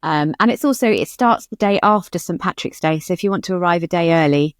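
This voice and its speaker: A woman's voice: on the low side, expressive, fast, no room sound, studio quality. A woman co-hosting a writing podcast in casual chat, candid and chatty. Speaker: podcast co-host.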